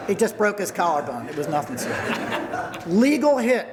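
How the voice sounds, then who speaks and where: A man's voice: high voice, sing-song, takes it slowly, pauses often, in a large hall, background noise. An older man, a retiring hockey coach, giving a storytelling speech at a party and thanking people by name. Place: large event hall.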